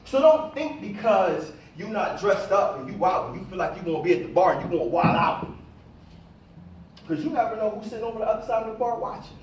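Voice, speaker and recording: A middle-aged man giving an animated motivational talk to a live audience and calling on them to answer. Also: high-pitched, brisk, slight background noise. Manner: animated, calls on the audience for responses. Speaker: motivational speaker. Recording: echoey room, voice from a distance.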